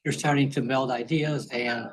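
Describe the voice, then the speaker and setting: A man's voice: medium pitch, steady tone, normal speed, crowd noise, low-quality recording. Man answering in a crowded class. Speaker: class participant.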